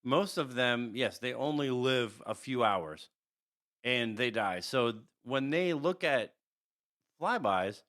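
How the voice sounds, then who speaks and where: A man co-hosting a podcast, describing characters in a relaxed, rambling way with frequent chuckles. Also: medium pitch, slow. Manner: rambling, chuckles often, restarts. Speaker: podcast co-host. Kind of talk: casual chat describing characters.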